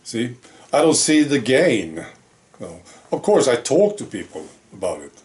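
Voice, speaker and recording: A man's voice: medium pitch, big pitch swings, a little slow, a little mellow. A man hosting his own channel, talking through his thoughts in a musing monologue full of rhetorical questions. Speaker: channel host. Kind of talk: reflective monologue to camera.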